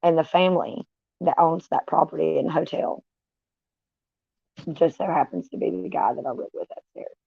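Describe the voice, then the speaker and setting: A woman, vlogging in a candid, profane way with dark humor. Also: low voice, very animated, moderate pace, creaky, pauses often, slightly rough, dry recording. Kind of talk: casual, unfiltered storytelling. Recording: dull, dry lo-fi sound.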